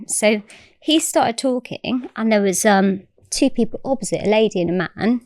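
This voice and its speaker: A woman's voice: on the high side, normal speed, darkish tone, no room sound, clean studio sound. A woman telling a story as a podcast guest, chatty and swearing freely. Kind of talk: casual storytelling.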